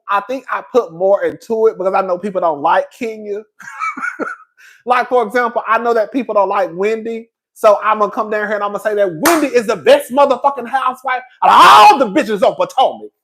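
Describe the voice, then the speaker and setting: A man's voice: very high voice, a bit bright. A man hosting a casual gossip livestream, sassy and playfully dramatic, laughing often and calling everyone "girl" while he reads the chat. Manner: playfully dramatic, exaggerates for effect.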